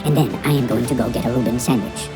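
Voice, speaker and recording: A man's voice: medium pitch, quick pace, close to an everyday voice. Guy doing a pompous epic ad narrator voice, super solemn, music playing under it. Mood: grandiose. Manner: grandiose, solemn delivery turning crude. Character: pompous male infomercial narrator. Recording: voice read over music.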